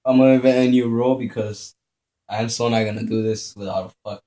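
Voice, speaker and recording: A man's voice: medium pitch, a little fast. A man giving profane gameplay commentary. He mutters to himself and yelps in panic when startled. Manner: mutters quietly to himself between outbursts. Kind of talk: profane let's-play commentary. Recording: roomy echo with steady background noise.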